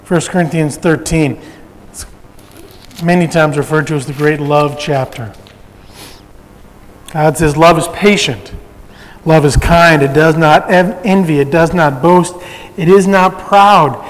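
High-voiced pastor preaching in a hall. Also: male voice, fairly even intonation, a little slow, long pauses, a little hiss or hum. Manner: conversational preaching with light humor. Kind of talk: sermon.

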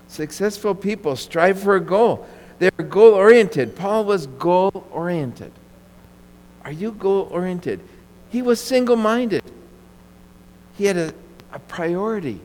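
Male pastor, sermon delivery, somewhat high and lively pitch, emphatic with repetition, long hall reverb. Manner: emphatic, repeats phrases and asks the congregation questions.

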